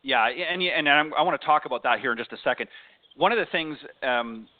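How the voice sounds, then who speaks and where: Canadian host on a tinny phone line. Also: male voice, fairly high pitch, brisk. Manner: brief agreeing replies, casual. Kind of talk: interview chat.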